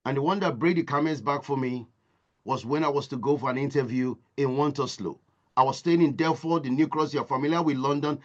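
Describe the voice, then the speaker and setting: A man's voice: mid-range voice, a little fast, lo-fi sound. A man from Nigeria, giving a motivational talk as impassioned storytelling with emphatic repetition. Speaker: motivational speaker.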